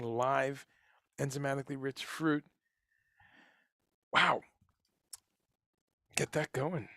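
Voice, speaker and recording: A man's voice: medium pitch, gravelly, a bit bright, no echo, studio quality. A man hosting a casual livestream, talking about food in a rambling, enthusiastic way with many fillers and restarts. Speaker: livestream host.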